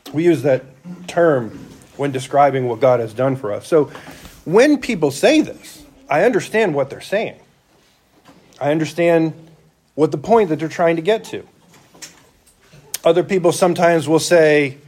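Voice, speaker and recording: Male church elder preaching, chatty and full of rhetorical questions, fairly high voice. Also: animated, a little slow, pauses often, darkish tone. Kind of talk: sermon.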